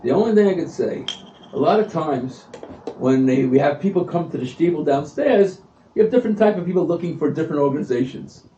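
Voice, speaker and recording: A man giving an animated storytelling speech at a community event, acting out what people said. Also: on the high side, a little fast, slight background noise. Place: event hall. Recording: distant echoey lo-fi livestream audio.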